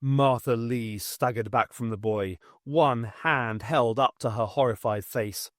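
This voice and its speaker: A man narrating an unofficial audiobook in an expressive storytelling manner. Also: mid-range voice, a little slow, dry recording, studio quality. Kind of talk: scripted narration.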